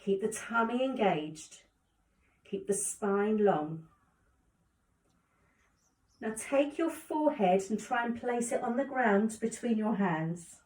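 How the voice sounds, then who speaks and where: A woman calmly guiding a yoga class with encouraging cues. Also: on the high side, slow, long pauses. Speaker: yoga instructor. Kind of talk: guided exercise instruction. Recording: echoey room, distant mic.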